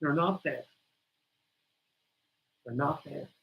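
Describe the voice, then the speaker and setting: A woman's voice: sits low, takes it slowly, creaky, dull audio. A woman hosting a spiritual teaching livestream, talking to her viewers bluntly, swearing freely and driving points home with insistent repetition. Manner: blunt, profane, preachy.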